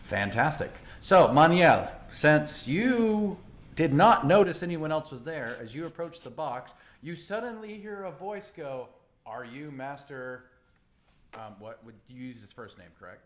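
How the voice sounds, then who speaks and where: A man narrating as game master of a tabletop game, animated and chatty, often laughing. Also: fairly high pitch, normal speed.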